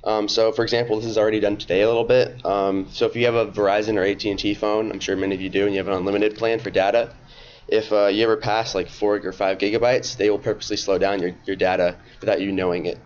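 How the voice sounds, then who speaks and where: A slightly hoarse male student giving a class presentation, talking casually with many fillers. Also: lowish voice, level tone, quick pace. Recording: dull lo-fi classroom recording.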